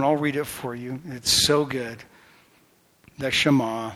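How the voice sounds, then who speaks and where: A man preaching a sermon as pastor, impassioned, swinging between loud exclamations and hushed whispers. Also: mid-range voice, fairly even intonation, takes it slowly, pauses often. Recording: long reverb of a large hall.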